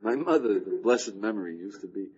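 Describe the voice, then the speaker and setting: An older man, lecturing with a low, husky voice that rises and falls a great deal. He teaches through rhetorical questions and frequent chuckles. The recording sounds dull and lo-fi. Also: expressive, fairly quick, darkish tone. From United States. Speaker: rabbi teaching a class.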